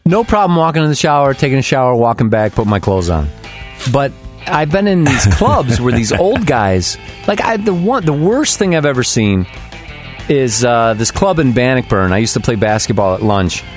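A man's voice: medium pitch, very animated, moderate pace, faint music behind. A man in his forties chatting as a podcast co-host, swearing and sounding incredulous. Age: 40s. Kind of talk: casual chat.

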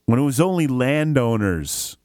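A man co-hosting a casual comedic chat, trading deadpan sarcastic banter. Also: medium pitch, normal speed, no room sound, clean studio sound. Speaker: podcast co-host.

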